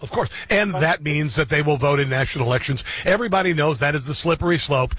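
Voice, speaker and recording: A man's voice: fairly high pitch, quick pace, slightly rough, no echo. A man hosting a political talk radio show, indignant and emphatic, firing off rhetorical questions. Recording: dull lo-fi radio sound, dry.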